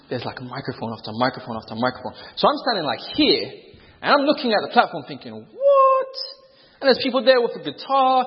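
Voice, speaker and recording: A man telling a humorous personal story to an audience, acting out voices and often repeating himself. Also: on the high side. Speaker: speaker telling his testimony. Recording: reverberant hall, slightly muffled.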